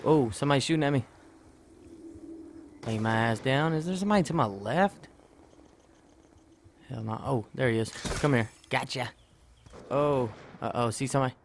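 A man calling out his own shooter match as he plays, excitable and quick to curse. His voice sits at an ordinary middle pitch, with a faint hiss of noise under it. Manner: excitable, cursing, talking to himself while playing. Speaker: gamer making a trolling video. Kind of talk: gameplay commentary.

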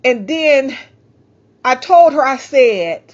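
Into a handheld microphone, a woman preaches a fervent sermon, breaking into praise and at times stumbling for words. Her voice sits high and is expressive. The lo-fi recording sounds slightly dull.

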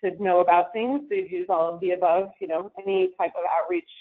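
A woman's voice: lowish voice, animated, a little fast. A woman calling into a committee meeting by phone, answering hesitantly with frequent restarts. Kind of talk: meeting discussion. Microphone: conference phone. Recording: tinny phone line.

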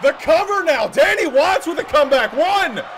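A man's voice: extremely high pitch, animated, moderate pace, a loud crowd. A man calling play-by-play for a video game wrestling show from a commentary booth, naming moves and counting pinfalls. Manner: calls moves and pinfall counts, often shouting.

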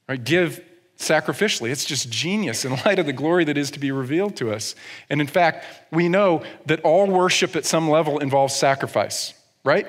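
A man's voice: mid-range voice, moderate pace. A male pastor giving a sermon in a conversational, humorous way, often checking in with the audience. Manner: humorous asides. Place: church. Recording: long reverb in a church hall.

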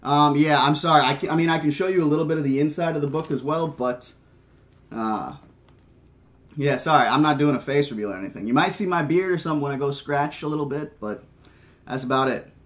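A man reading a novel aloud in a horror-themed style, adding casual, halting commentary with frequent restarts. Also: a little high. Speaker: audiobook reader.

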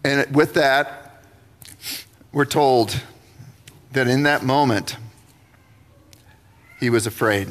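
A man preaching a sermon, telling the story with lively, acted-out voices for the figures. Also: mid-range voice, drawn-out words, long pauses. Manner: animated storytelling, acting out biblical figures. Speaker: pastor. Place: church sanctuary. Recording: reverberant church livestream.

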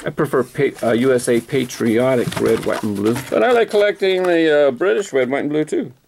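Gravelly-voiced man chatting about collectibles. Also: medium pitch, animated, brisk, a little mellow, a little hiss or hum. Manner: chatty, self-correcting, enthusiastic about details. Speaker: toy car collector vlogger. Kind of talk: casual unboxing commentary.

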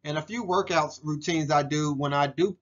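A man's voice: fairly high pitch, normal speed, a bit bright, muffled recording. A man in his forties narrating a photo slideshow presentation for a class, earnest and heartfelt, with frequent ums and restarts. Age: 40s. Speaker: student presenter.

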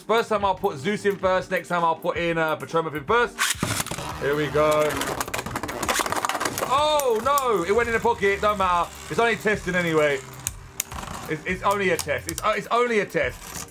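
A young man, chatting casually and exclaiming loudly as he unboxes and tests spinning-top toys. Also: high-pitched. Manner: excitable, chatty, exclaims loudly at toy battles. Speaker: toy reviewer. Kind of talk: casual unboxing and testing commentary.

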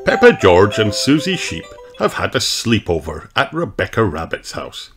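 A man reading a children's storybook aloud in a slow, sing-song way. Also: on the low side, huge pitch swings, fairly bright tone, slightly rough. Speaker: audiobook reader. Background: background music.

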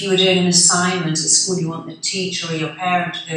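A woman's voice: on the low side, level tone, fast talker, few pauses, a bit bright. A woman giving an earnest, encouraging motivational talk, acting out the voices she quotes. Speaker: motivational speaker. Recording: echoey room, distant mic.

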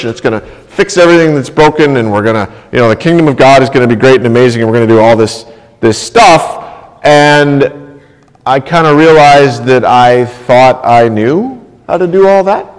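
A male pastor preaching a sermon, telling a personal story in a conversational way and often checking in with "right?". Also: on the high side. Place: church sanctuary. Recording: long church reverb.

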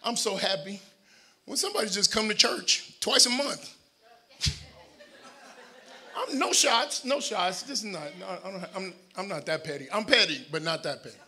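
A middle-aged male pastor preaching a lively sermon in a church, swinging from shouted, almost sung lines to quiet joking asides with the congregation. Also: high-pitched, moderate pace, long pauses. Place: church sanctuary.

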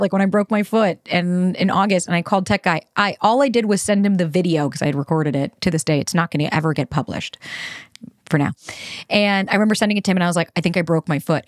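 A young woman hosts a podcast in a candid monologue, blunt and openly emotional, cursing as she goes. Her voice sits at a middle pitch. The sound is dry and close, with no room echo. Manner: blunt, emotional, swears freely. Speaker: podcast host.

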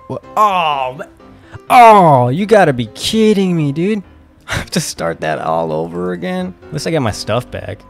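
Excitable young man narrating gameplay. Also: a little high, unhurried, vocal fry, soft background music. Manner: excitable, flustered, exclaims and swears at the game. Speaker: gaming video host. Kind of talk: casual game commentary.

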